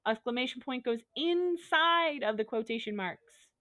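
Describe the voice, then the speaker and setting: A woman's voice: sits high, animated, normal speed, fairly bright tone, no echo. Upbeat goofy woman teacher, dry close sound. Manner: upbeat, goofy, talks through examples step by step. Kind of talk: recorded online lesson.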